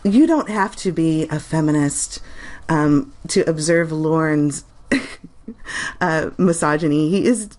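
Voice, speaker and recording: A woman's voice: sits low, a little slow, a little mellow. A woman making a casual reaction video, reading comments aloud with sarcasm and frequent giggles.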